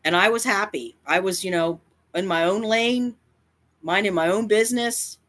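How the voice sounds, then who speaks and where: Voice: mid-range voice, normal speed, fairly bright tone. Defiant YouTuber ranting to camera. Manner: defiant, emphatic, repeats lines for effect. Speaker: cat advocacy YouTuber. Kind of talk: confrontational direct-to-camera rant.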